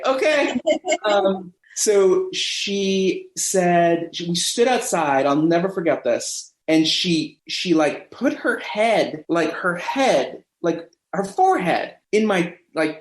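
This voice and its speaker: A man in his fifties, a podcast guest telling a long anecdote and acting out the voices of people he quotes. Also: high-pitched. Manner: animated, acts out quoted voices. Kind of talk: anecdotal storytelling in a podcast interview. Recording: echoey room.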